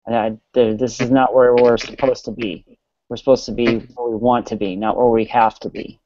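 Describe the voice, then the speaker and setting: A man on a group call speaks from a trailer at his work site, halting and restarting as he talks. His voice is mid-pitched, and the audio is dull and dry. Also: flat delivery, a little mellow, dry recording. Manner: halting, searching for words. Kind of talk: casual chat.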